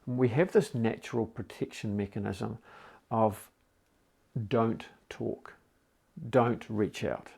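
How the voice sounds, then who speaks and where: A middle-aged man speaking calmly and reassuringly straight to the listener in a mental health support talk. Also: lowish voice, slow, creaky, breathy edge. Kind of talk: gentle direct-to-camera support talk.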